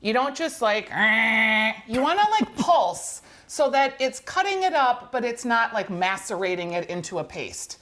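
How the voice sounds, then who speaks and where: A woman's voice: a little high, animated, normal speed, hardly any pauses. A woman, chatty and upbeat, walking through a cooking demonstration on a TV show. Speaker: cooking segment guest.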